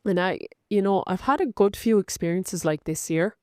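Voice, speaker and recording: A woman's voice: medium pitch, normal speed, mellow, dry recording, clean studio sound. An Irish woman hosting a podcast, talking in a chatty, open and personal way, full of likes and rights. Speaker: podcast host. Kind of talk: casual confessional monologue.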